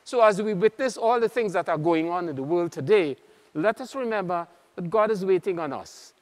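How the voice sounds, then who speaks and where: Slow Trinidadian priest preaching. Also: male voice, a little high, darkish tone. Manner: earnest, measured, pausing often. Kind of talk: sermon. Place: large church. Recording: long church reverb.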